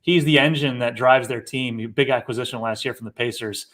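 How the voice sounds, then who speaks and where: A man with a mid-pitched voice delivers an injury update for bettors. He is matter-of-fact and leans on statistics. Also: fairly even intonation, fairly quick, fairly bright tone. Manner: matter-of-fact, stat-heavy. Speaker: sports betting analyst. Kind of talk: injury report for betting.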